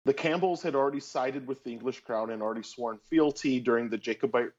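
A man's voice: mid-range voice, quick pace, a little mellow. A man co-hosting a casual chat and explaining history in detail. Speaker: co-host telling of a trip. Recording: dull lo-fi audio.

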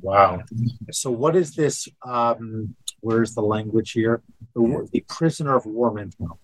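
A man's voice: on the low side, a little slow, dry recording, poor audio. Man asking interview questions, dry sound. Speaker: interview host.

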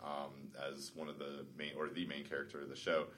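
A man's voice: extremely low pitch, monotone, a little fast, a bit bright. A man with a Canadian accent co-hosting a podcast in casual chat, laughing often. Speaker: podcast co-host.

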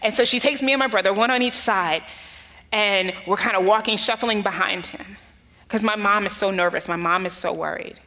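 A woman's voice: mid-range voice, moderate pace, bright, forceful tone. Woman pastor preaching in a reverberant hall. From United States. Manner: earnest storytelling, rising emphasis on key phrases. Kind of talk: sermon.

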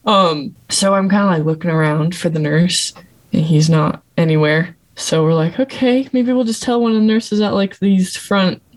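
A young adult woman, a nurse, chatting casually on a podcast, bubbly and quick to laugh as she acts out what people said. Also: fairly low pitch. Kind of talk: casual storytelling chat.

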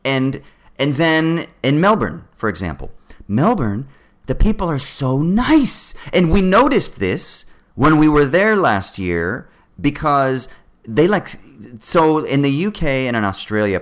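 Animated man, swearing freely. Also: medium pitch. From Southern California. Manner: animated, swears freely, acts out other drivers. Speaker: podcast co-host. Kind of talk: casual podcast chat.

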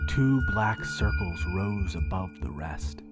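A man narrating audio fiction in a hushed, breathy manner. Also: low-pitched, animated, takes it slowly, over loud music.

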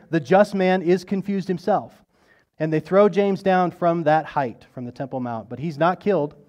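A male pastor preaching a sermon in a conversational storytelling manner, swelling louder on dramatic moments and dropping soft at the ends of phrases. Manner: storytelling, rising in intensity on quoted lines, dropping low and soft at phrase ends; conversational, with restarts and asides.

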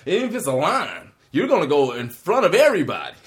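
A man co-hosting a casual faith talk, animated and often laughing as he preaches. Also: on the high side, moderate pace.

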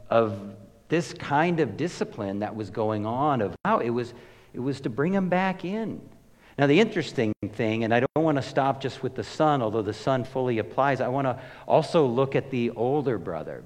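A man preaching in a sermon, storytelling with emphatic swings between loud passages and near-hushed ones. His voice sits at an ordinary middle pitch. The sound rings with the long reverb of a large hall. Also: expressive, moderate pace. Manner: emphatic storytelling, rises and drops in volume. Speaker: pastor.

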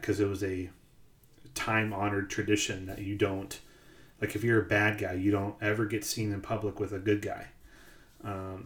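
A podcast co-host with a lowish voice tells rambling stories in casual chat, full of ums and likes. The man is recorded in an echoey room.

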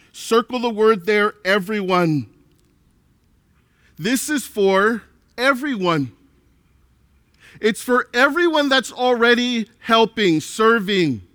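A man preaching from the pulpit, his voice high and clear with a crisp, smooth ring. He takes his time, leaning on key words and repeating them. The sound is close and dry. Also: sharp tone, no echo. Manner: acts out quotes of an arrogant churchgoer. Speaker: pastor. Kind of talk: sermon.

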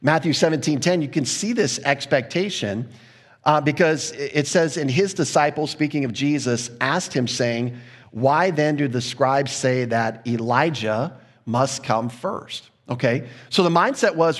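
A man's voice: mid-range voice, expressive, normal speed. A man preaching a verse-by-verse sermon in a conversational way, acting out quoted voices. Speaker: pastor. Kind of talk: sermon, verse-by-verse Bible teaching.

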